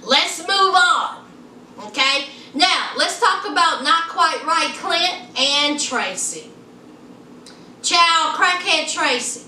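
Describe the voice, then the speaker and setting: A sassy woman gossips through a reality show recap, teasing her viewers with "honey" and "child." Her voice sits high and bright. She sounds a little distant in a roomy, echoey space. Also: lively intonation, slow pace, a little hiss or hum. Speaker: reality TV reviewer. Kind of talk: casual TV recap vlog. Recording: echoey room, mic set back.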